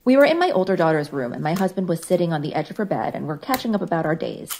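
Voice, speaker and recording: A woman in her thirties, a mother telling short family stories in a gentle, earnest voice-over. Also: on the low side, sing-song, very fast. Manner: gentle, earnest, reflective storytelling. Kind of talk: narrated storytelling voice-over. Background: faint background music.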